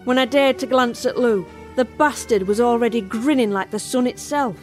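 A woman's voice: a little high, normal speed, a little mellow, close to an everyday voice. A woman narrating a first-person horror tale as a barmaid in an audio drama. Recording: music score underneath.

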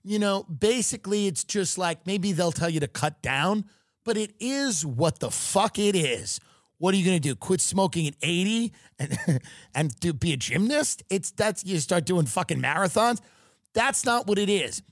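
A man's voice: high voice, expressive, moderate pace, no room sound, studio quality. A man riffing sarcastically in a comedic rant, swearing freely.

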